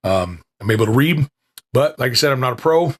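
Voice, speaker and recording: A man's voice: mid-range voice, animated, a little fast. A man hosting a small podcast, chatting casually with restarts, then reading an old lecture aloud, his voice still recovering. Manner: rambling and self-deprecating, with restarts.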